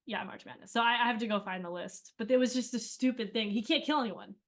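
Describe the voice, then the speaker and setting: A woman's voice: fairly high pitch, quick pace, fairly bright tone. A woman interviewed as a cast member, telling rambling stories in casual chat with many fillers.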